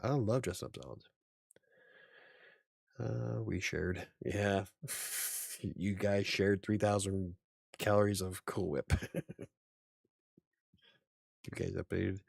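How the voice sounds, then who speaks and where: A man's voice: low-pitched, fairly even intonation, slow pace, creaky, pauses often, dry recording, clean studio sound. A man hosting a casual livestream as an author, rambling a little, chuckling and answering chat comments aloud.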